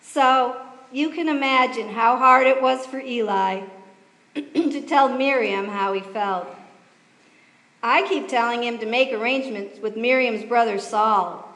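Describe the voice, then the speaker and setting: High-voiced woman narrating in a church. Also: measured pace. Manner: lively, folksy storyteller. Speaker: pageant narrator. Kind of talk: storytelling narration. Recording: echoey church hall, reverb.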